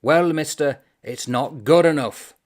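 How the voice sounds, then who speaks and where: A man voicing an indignant young soldier from a novel, loud and aggrieved as he complains. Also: huge pitch swings, very slow, creaky, full character voice. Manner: loud, aggrieved, raised pitch.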